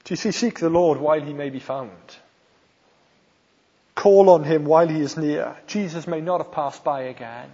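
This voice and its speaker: A man's voice: fairly high pitch, normal speed, mellow, slightly rough. A man from South Wales with a Welsh accent, preaching a sermon with emphatic stresses on key phrases. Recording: long hall reverb, dull sound.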